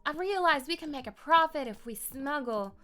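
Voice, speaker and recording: A woman's voice: sits high, animated, brisk, bright, forceful tone, soft background music, pitched above the performer's own voice. A woman voicing a young, scheming female illager smuggler with a Southern accent and a wheedling drawl.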